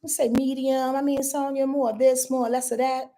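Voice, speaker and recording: This astrology live-streamer's voice sits high, with little pitch movement, a fairly quick pace and a mellow quality. She's blunt and profane, talking directly to viewers as y'all and boo-boo through a webcam or phone.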